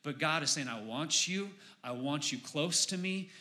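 A pastor preaching a sermon in church, building to emphatic, raised exclamations on key points. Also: male voice, on the high side, lively intonation, moderate pace, pushed and bright.

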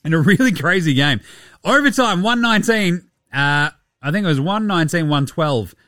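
An Australian man rants as a podcast host, exasperated and mocking, swearing freely. His voice sits high and swings widely in pitch. The sound is bright and dry, with soft music underneath. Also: animated, normal speed, no echo. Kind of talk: ranting commentary.

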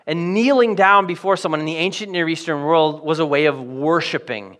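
Guy pastor giving a laid-back sermon, slangy and funny, kinda high voice. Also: brisk, a bit bright. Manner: conversational, jokey, modern slang.

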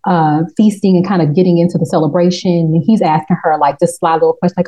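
A woman with a lower voice and a mellow, relaxed tone, recapping a TV episode in casual chat. She talks in a slangy, profane, animated way, jumping into quick impressions of the characters as she goes. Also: rough recording. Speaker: podcast host.

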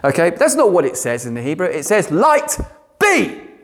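A man preaching a sermon, animated and given to sarcastic asides. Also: on the high side, fast talker.

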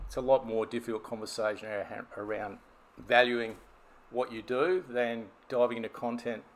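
A man's voice: medium pitch, steady tone, moderate pace. A man, a business coach telling stories and explaining ideas in a podcast conversation. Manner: storytelling, explanatory.

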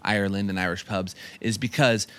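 A man's voice: fairly low pitch, fairly even intonation, a little fast, a bit bright, smooth. A man hosting a travel vlog, chatty and enthusiastic as he tours a large warehouse. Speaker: travel vlogger.

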